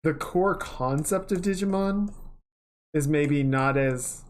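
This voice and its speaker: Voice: medium pitch, slow. Rambling, casual livestreamer. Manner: rambling, chatty, swears casually. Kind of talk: casual chat while working on stream.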